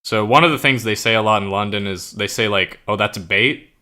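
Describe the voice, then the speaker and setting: Young man, casual streamer chat, lowish voice, bright tone, swears a lot, says bro. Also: a little fast, clean tone. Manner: loose and profane, lots of "like" and "bro"; explains slang with enthusiasm. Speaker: streamer and writer. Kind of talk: casual chat while writing.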